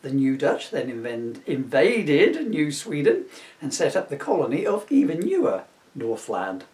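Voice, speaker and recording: A man's voice: a little high, wildly swooping pitch, unhurried, darkish tone, far from the mic. A man reading his own comic book aloud, often laughing at his jokes and breaking off for asides.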